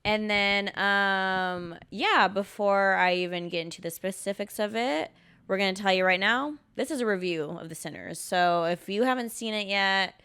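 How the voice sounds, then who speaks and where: Young female co-host, crisp and bright tone, sarcastic chatter full of fillers. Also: medium pitch, moderate pace. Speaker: podcast co-host. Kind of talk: casual chat.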